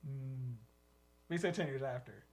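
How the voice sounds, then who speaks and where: A man's voice: medium pitch, unhurried, a little mellow. A podcast co-host in casual chat, rambling and giggling as he riffs on jokes.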